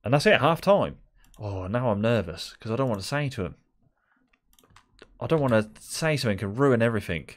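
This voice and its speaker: A man's voice: medium pitch, animated, brisk, pauses often. A young man gives chatty, exasperated live commentary on a game, talking to the players on screen. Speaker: gaming video creator.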